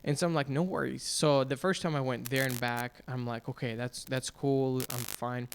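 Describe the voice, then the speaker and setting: A man co-hosting a casual podcast, telling a story in an animated way with frequent restarts. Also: medium pitch, moderate pace, vocal fry, a little hiss or hum. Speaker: podcast co-host. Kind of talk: casual chat.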